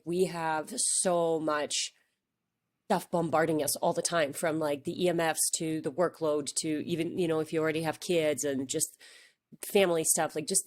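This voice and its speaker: A woman's voice: deep voice, normal speed, a little mellow. A woman doctor hosting a podcast interview, chatty and affirming, asking long rambling questions. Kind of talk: conversational interview.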